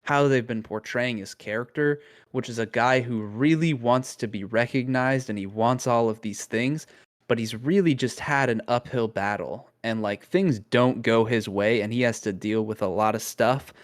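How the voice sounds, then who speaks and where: A man's voice: mid-range voice, moderate pace. A young man co-hosting a podcast, talking through his thoughts in a casual, thoughtful way with lots of fillers. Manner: thoughtful, many fillers and restarts. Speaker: podcast co-host. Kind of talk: casual chat.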